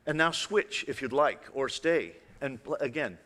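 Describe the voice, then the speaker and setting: A man's voice: medium pitch, expressive, moderate pace, very noisy. A man giving a live stage talk as an illusionist presenter, playful and conversational, often asking the audience questions. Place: large hall with live audience. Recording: long hall reverb.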